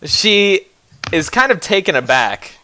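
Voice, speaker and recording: A man's voice: high-pitched, big pitch swings, takes it slowly, sharp tone, slight background noise. A young man narrating as game master in a tabletop game, laughing often as he narrates.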